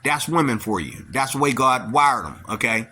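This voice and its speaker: Blunt man with a bright, tense voice. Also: mid-range voice, lively intonation, moderate pace. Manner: blunt, opinionated, keeps asking "okay?". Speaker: video commentator. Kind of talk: rambling reaction commentary.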